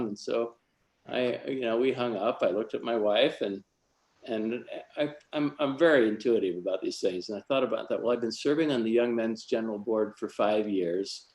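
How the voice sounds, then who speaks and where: A man's voice: on the low side, normal speed, darkish tone, reverberant. A man who leads a church youth group, telling a personal story in a devotional talk, earnest and lightly self-mocking.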